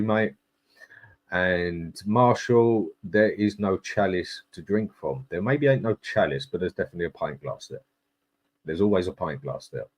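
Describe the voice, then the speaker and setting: A man hosting a casual live stream, chatting in a matey way and reading out viewers' comments. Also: deep voice. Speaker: livestream host.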